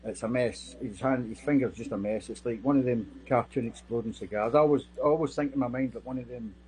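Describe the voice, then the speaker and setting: Guy testifying, middle-aged, mid-pitched voice, keeps stumbling and restarting his sentences, faint hum behind. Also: darkish tone, poor audio. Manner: halting, repeats and restarts phrases while recounting. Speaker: security guard giving testimony. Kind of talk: sworn witness testimony, recounting events.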